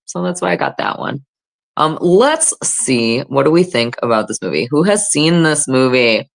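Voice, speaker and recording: A woman's voice: low-pitched, lively intonation, normal speed, creaky. A woman hosting a casual livestream, reading chat comments aloud and chatting in a self-deprecating, filler-heavy way. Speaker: livestream host.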